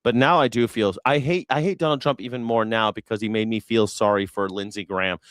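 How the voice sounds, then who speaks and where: A man's voice: fairly low pitch, a little fast, hardly any pauses, a bit bright, clear, resonant tone, no room sound. A man hosting a news reaction show, heckling and mocking with crude sarcasm. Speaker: host.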